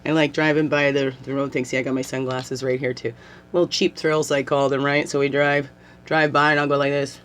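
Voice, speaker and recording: A woman's voice: extremely low pitch, fairly quick. Giggly medicine woman vlogging. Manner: giggly, animated storytelling with frequent laughter. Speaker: spiritual vlogger, self-styled medicine woman. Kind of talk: rambling casual chat to camera.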